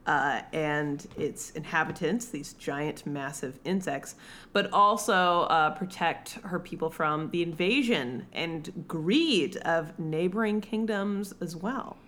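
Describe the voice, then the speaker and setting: This is a woman co-hosting a casual podcast, her voice sitting on the lower side. She talks in a loose, animated way, tossing in the odd swear word as she chats. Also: slow, a little hiss or hum. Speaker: podcast co-host reviewing a film. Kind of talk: casual chat.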